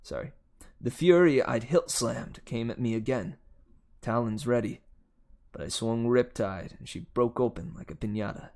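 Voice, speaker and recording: A man reads a novel aloud in a steady first-person voice. His pitch sits at an ordinary middle level for a man. The delivery is plain and even. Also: moderate pace. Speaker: audiobook reader.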